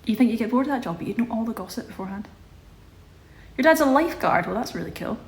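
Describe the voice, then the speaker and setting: A woman's voice: a little high, lively intonation, fast talker. A young woman chatting casually on a live stream, reading out viewer questions and answering them. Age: young adult. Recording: echoey room with faint ambience.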